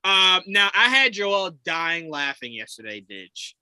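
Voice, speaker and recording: A lively man on a sports podcast, talking over a video call with a high, very bright voice that swings widely in pitch. He swears freely, laughs often and acts out other people's words. The sound is dry and close. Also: unhurried, clear, resonant tone, dry recording. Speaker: podcast co-host. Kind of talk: casual sports chat.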